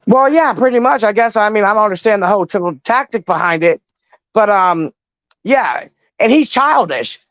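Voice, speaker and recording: Middle-aged woman on a call, swears freely, animated storyteller, dry and dull lo-fi sound. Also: medium pitch, normal speed, no room sound. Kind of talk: casual chat.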